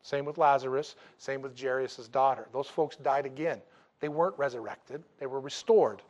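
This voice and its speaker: A man preaching a sermon, telling the story in a humorous, animated way and acting out the dialogue casually. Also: medium pitch, moderate pace, highs cut off. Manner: acts out dialogue in a casual, jokey way. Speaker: pastor.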